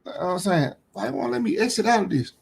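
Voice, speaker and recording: A man giving casual reaction commentary, blunt and heated, repeating himself, swearing freely and rising to shouts when indignant. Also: high-pitched, expressive, fast, vocal fry, slight background noise.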